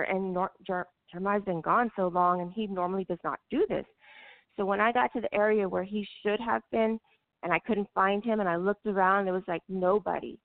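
A middle-aged woman tells an emotional personal story, halting and full of fillers and restarts. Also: medium pitch, gravelly. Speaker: guest recounting a personal story. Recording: tinny phone-line audio.

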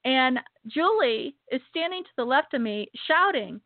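A woman giving an emotional personal religious testimony in an earnest, repetitive way, slowing down to stress key words. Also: sits high, lively intonation, no echo. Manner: earnest, repetitive, slows down for emphasis. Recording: dry tinny phone-like sound.

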